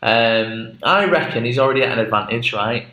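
A man's voice: mid-range voice, lively intonation, normal speed, pushed and bright, dull audio. Guy rambling thru a podcast bit, jokey, lots of ums, roomy sound. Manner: rambling, jokey, many fillers. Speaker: podcast co-host. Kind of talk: casual chat. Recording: echoey room.

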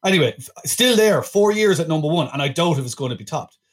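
A man's voice: a little high, lively intonation, quick pace. A man hosting a casual film-review podcast. He talks in a wry, chatty way and often restarts his sentences. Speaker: podcast host.

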